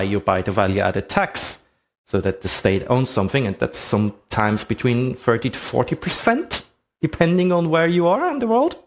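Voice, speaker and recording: Man with a lively, swooping voice. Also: mid-range voice. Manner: rhetorical questions, conversational. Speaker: presenter. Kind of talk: explanatory talk with slides.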